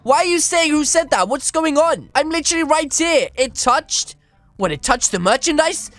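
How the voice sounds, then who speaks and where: A man hosting energetic gameplay commentary, excitable and reading chat aloud, with "flipping" in place of swear words. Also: extremely high pitch, normal speed, no echo, faint music behind. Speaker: gaming channel host.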